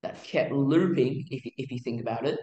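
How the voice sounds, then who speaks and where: A man teaching music theory in a casual, halting way, with many fillers and restarts. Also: medium pitch, warm tone, roomy sound, highs cut off. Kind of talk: casual explanatory lesson.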